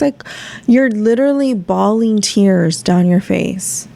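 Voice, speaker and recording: A woman's voice: on the high side, expressive, normal speed, gravelly, dark tone. A woman hosting her own podcast, talking to listeners in a candid, rambling way and swearing freely. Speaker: podcast host. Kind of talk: casual solo chat.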